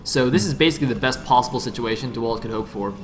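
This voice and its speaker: Fast-talking excitable male caster. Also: medium pitch, faint music behind. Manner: excitable, jokey, rising to shouts at big plays. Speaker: esports caster. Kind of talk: live game commentary.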